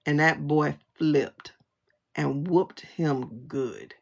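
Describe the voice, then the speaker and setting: A woman's voice: low-pitched, drawn-out words, gravelly, husky, highs cut off. A woman livestream host, talking in a blunt, sassy rant and laughing often. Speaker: tarot reader and livestream host. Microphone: phone livestream.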